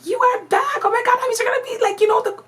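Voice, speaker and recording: Girl putting on shrieky hyped-up kids, super high, all over the place. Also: animated, fast. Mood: excited. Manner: squealing, overexcited, talking over each other. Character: excited shrill church kids greeting a friend.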